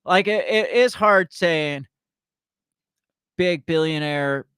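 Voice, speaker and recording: Podcast co-host, man, slightly high voice, animated political chatter. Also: slow pace, clean tone, no room sound, clean studio sound. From Midwest US. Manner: animated, reads news articles aloud. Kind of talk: casual political chat.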